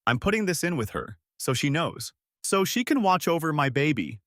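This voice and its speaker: A woman's voice: sing-song, moderate pace, a bit bright, no echo, studio quality. A man voicing a hysterical, entitled young pregnant woman who screeches and shrieks in a storytime narration. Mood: insistent. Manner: shrill, screeching.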